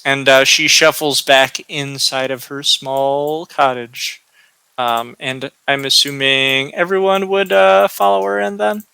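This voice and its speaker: A man narrating as game master of a tabletop game, slow and hesitant, with many fillers. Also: mid-range voice, little pitch movement, gravelly, sharp tone, clean tone, low-quality recording.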